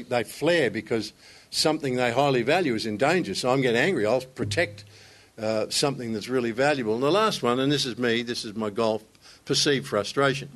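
A man's voice: medium pitch, fairly bright tone. A man speaking to other men in a conversational sermon, telling stories with self-deprecating humor.

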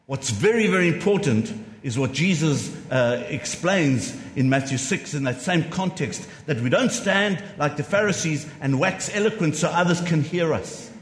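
Lively male preacher in an echoey hall. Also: fairly high pitch, moderate pace, few pauses. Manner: emphatic, repeats key lines, asks rhetorical questions. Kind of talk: sermon. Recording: echoey hall with long reverb.

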